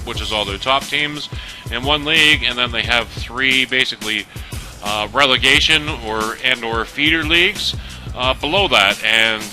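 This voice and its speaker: A man casually talking over his football game footage, rambling with lots of fillers and restarts. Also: mid-range voice. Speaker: gaming video host. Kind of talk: casual gameplay commentary.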